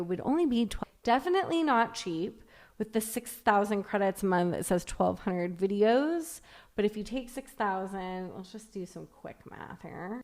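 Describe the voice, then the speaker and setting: A young woman narrates a screen-recorded software walkthrough in a chatty, upbeat way. She thinks aloud as she clicks, with a pitch that sits in the middle for a woman. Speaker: tech reviewer.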